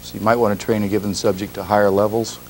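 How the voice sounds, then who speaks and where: A man teaching a class, explaining a lab demonstration in a measured way, pausing and clearing his throat now and then. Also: on the low side, flat delivery, darkish tone, slight background noise, low-quality recording. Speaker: instructor.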